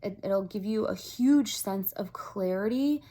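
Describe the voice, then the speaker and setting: A woman talking straight to her viewers in a chatty, upbeat vlog. Her speech is earnest and animated, with plenty of "like" and "um" fillers. Her voice sits at a middle pitch. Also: unhurried. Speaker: vlogger. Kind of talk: casual talk to camera.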